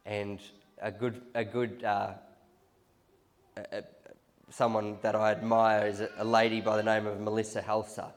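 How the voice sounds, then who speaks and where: A man preaches to his church in a somewhat low voice. He tells his stories with animated restarts and repeated phrases, the way a sermon runs live. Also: normal speed, slight background noise. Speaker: pastor.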